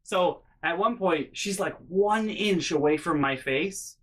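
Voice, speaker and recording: A man vlogging a comedic story from his life in a lively, profane, self-mocking way. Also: a little high, slow pace.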